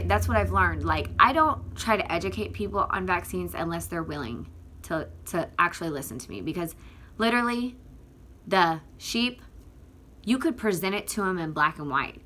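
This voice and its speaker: A tearful woman vlogs straight to camera, and her voice sounds bright and forceful. She speaks in an impassioned, rambling way, stacks up fillers and restarts, and circles back to push her points hard. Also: fairly low pitch. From Northwest Florida. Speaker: activist vlogger. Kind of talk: impassioned direct-to-camera vlog.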